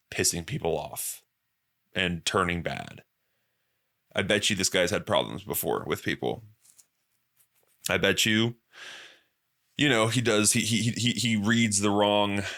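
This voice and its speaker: A man's voice: deep voice, pushed and bright. A young man hosting a podcast, chatting casually and profanely and acting out quoted voices. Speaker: podcast host.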